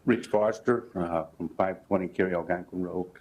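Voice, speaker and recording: A man speaking at a public meeting as a resident, asking halting questions broken up by uhs. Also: low-pitched, darkish tone. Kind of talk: public comment.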